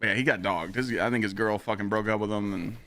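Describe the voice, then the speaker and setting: A man streaming live, telling a story in a casual, profane and animated way. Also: lowish voice, fast.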